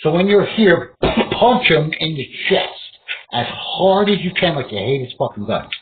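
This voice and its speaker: Man, rambling fight instruction, swearing, lively swings in pitch, tinny phone-like sound. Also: measured pace. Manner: profane, rambling, acts out opponent's reactions with outbursts. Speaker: martial arts instructor. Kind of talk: rambling casual instruction to camera.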